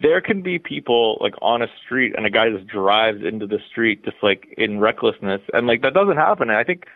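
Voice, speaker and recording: Gravelly man on a tinny phone line. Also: fairly low pitch, expressive, fairly quick, no room sound. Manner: chatty, rambling, upbeat. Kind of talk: casual phone chat.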